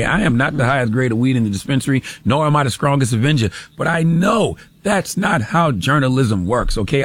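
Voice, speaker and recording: A man's voice: mid-range voice, husky. Emphatic sarcastic male commentary host. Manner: emphatic, sarcastic, repeats "okay?". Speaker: radio show host. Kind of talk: opinion commentary monologue.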